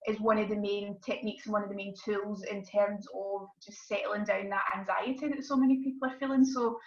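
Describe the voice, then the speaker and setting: A woman's voice: mid-range voice, fairly even intonation, brisk. A woman who works as a counsellor and meditation teacher, talking earnestly and reflectively in a casual interview. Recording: dull, roomy sound.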